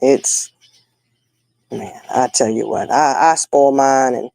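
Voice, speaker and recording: A woman's voice: rumbling low, slow, creaky, dark tone, no echo, low-quality recording. An older woman, hosting a casual chat with viewers and telling folksy stories. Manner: folksy, chatty storytelling. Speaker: livestream host.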